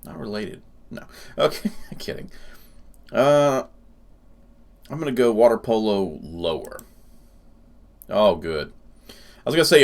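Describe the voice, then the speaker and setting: Casual male gaming host, animated pitch, chatty and quick to laugh. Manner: chatty, laughs often, thinks aloud. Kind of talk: casual gameplay commentary.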